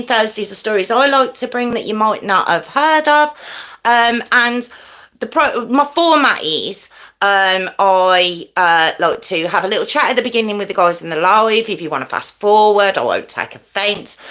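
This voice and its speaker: A woman hosting a live stream from home, chatting excitedly with viewers and talking to herself as she adjusts her setup. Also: medium pitch. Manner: excitable, chatty, talks to herself while fiddling with lights. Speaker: true crime live-stream host. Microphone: desk microphone.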